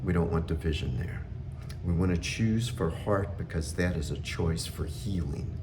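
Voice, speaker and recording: A middle-aged man giving an earnest, unhurried spiritual talk, pausing often with fillers. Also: deep voice, background noise.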